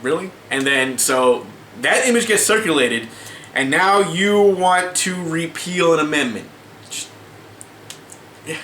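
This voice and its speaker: A man's voice: a little high, lively intonation, slow, long pauses, bright, forceful tone. A man ranting casually to camera as a vlogger, exasperated and swearing, with many restarts and fillers. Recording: echoey room with faint ambient noise.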